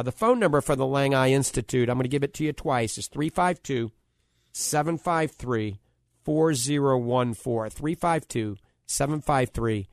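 A man hosting a talk radio show, chatting casually and reading out phone numbers slowly. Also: medium pitch, creaky, no room sound, studio quality. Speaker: radio show host and eye doctor. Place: radio studio.

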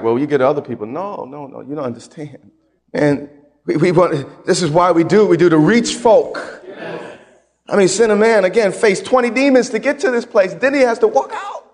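Male pastor, high voice, long hall reverb; dynamic folksy sermon delivery, repeats lines for emphasis. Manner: emphatic, swings between loud and quiet.

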